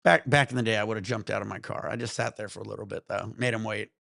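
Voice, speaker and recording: Gravelly man ranting on a stream. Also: fairly low pitch, racing, no echo, studio quality. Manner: profane, animated ranting. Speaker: livestream host. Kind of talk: casual storytelling to stream chat.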